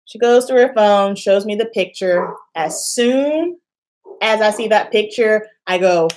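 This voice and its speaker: A woman's voice: mid-range voice, measured pace, a little hiss or hum. A young woman telling a personal story to camera in a casual vlog, acting out the voices of the people in it. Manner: animated, acts out quoted voices, laughs often. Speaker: beauty vlogger.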